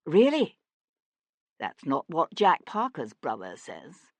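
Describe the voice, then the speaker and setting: A woman narrator voicing a sharp male nobleman detective who questions in a cool, needling way. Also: low-pitched, wildly swooping pitch, slow pace, dry recording, full character voice. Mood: probing.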